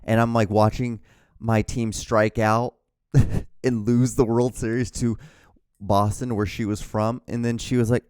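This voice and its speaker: A man's voice: medium pitch, little pitch movement, measured pace, a little mellow, clear, resonant tone, dry recording, studio quality. A young man hosting his own show, ranting in a rambling, profane, exasperated way. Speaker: podcast host. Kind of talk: casual rant.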